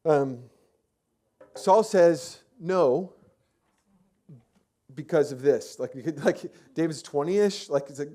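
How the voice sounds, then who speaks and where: A man's voice: a little high, slow, pauses often, warm tone. A man preaching a sermon as pastor, telling the story in a casual, chatty way with lots of fillers and restarts. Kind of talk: conversational sermon.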